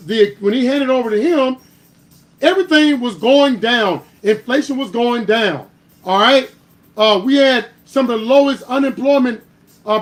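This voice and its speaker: A man with a strikingly high voice hosts a political commentary stream. He argues with heat, climbing into louder bursts and pinning down each point with a pointed "All right?". His delivery is emphatic and argumentative. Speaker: host.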